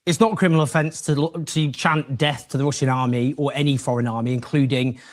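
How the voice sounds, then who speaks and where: A male political commentator speaking in a broadcast debate. He argues emphatically, piling up charged phrases. His pitch is ordinary, middle-range. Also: fairly even intonation, quick pace. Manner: impassioned, emphatic. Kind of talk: televised debate argument.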